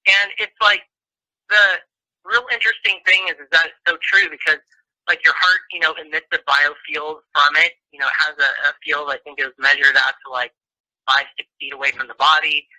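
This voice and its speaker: A man's voice: a little high, fairly even intonation, fairly quick, sharp tone, rough recording. A man as a guest in an interview, talking casually and rambling with many restarts.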